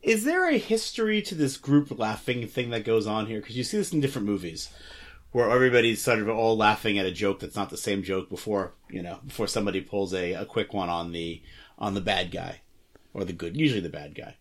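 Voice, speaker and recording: A man co-hosting a podcast chat, thinking aloud in halting, wondering phrases. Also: on the low side, animated. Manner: musing, halting, thoughtful. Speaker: podcast co-host. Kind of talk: casual chat.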